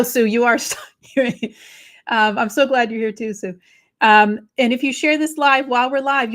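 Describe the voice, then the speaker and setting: A chatty woman with a Boston accent runs a live crafting demo. Her voice sits a little high, and she greets her viewers one by one as she explains her tools. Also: fairly bright tone. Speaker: crafting live-stream host.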